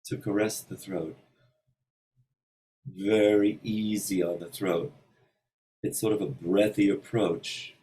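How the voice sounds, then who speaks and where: A man with a low voice walks through singing technique at a slow pace. He thinks aloud and pauses often. Now and then he sings a short example to show his point. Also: steady tone, mellow, far from the mic, a little hiss or hum, rough recording. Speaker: voice teacher. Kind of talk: informal singing lesson with sung examples. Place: hotel room.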